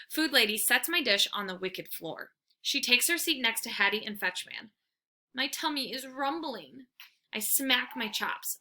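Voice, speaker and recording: A woman reading a children's book aloud in an expressive, animated way. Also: a little high, moderate pace. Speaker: read-aloud storyteller.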